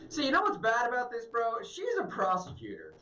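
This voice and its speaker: A man's voice: extremely high pitch, huge pitch swings, fairly quick, pushed and bright. A man co-hosting a talk radio show, mocking and sarcastic as he reacts to hearing clips. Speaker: radio co-host. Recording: roomy, distant mic.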